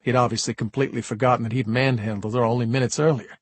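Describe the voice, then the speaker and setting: Husky male audiobook narrator. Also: medium pitch, fairly quick, dry recording. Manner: dry, wry first-person storytelling. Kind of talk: scripted narration.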